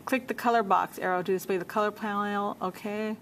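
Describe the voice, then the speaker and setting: A woman teacher walking a class through a software task step by step, repeating menu names as she checks her work. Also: medium pitch, fairly even intonation, fairly quick, a little hiss or hum. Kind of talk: software tutorial walkthrough.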